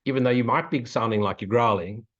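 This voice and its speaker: A man's voice: medium pitch, quick pace, fairly bright tone. A man giving a casual spiritual Q&A talk, blunt, swearing often and joking between his points. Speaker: spiritual teacher. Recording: muffled, lo-fi recording.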